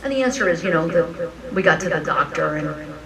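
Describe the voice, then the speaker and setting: Animated preacher, distant mic, crowd noise. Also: medium pitch, brisk, vocal fry. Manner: animated storytelling, frank and joking. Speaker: minister. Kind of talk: conversational sermon. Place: church or spiritual center, live service.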